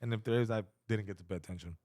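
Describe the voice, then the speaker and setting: Swearing, animated male comedian. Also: on the low side, racing. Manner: animated storyteller who acts out quotes, swears freely. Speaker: comedian guest. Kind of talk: casual podcast chat.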